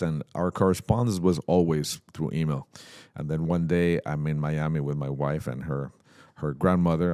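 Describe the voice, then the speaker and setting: A middle-aged Mexican musician with a bass voice appears as a guest in a casual interview on a podcast set at a trade show. He is an animated storyteller who acts out the dialogue, and the sound is clean studio audio with no echo.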